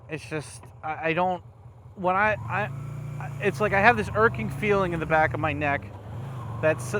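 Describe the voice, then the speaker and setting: A man's voice: fairly high pitch, a bit bright. A man on a motovlog, riding through city streets at night and talking in a rambling, angry way with plenty of swearing. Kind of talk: casual riding vlog rant. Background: faint traffic noise.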